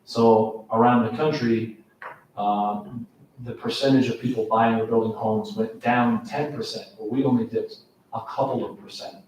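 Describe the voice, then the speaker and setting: Male school administrator, flat and measured delivery with ums, heard from a distance in a very echoey room. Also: mid-range voice, slight background noise. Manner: measured, steady, with frequent ums and restarts. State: has a cough. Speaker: school administrator presenting to a board. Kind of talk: slide presentation at a workshop.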